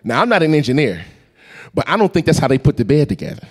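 A man preaching a storytelling sermon, animated and acting out voices and sounds. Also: a little high, fast, slightly rough. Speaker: pastor.

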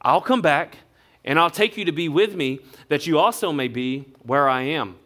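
A preacher voicing a calm, gentle Jesus. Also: male voice, a little high, normal speed, close to an everyday voice. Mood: soothing. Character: calm, gentle adult male Jesus reassuring friends.

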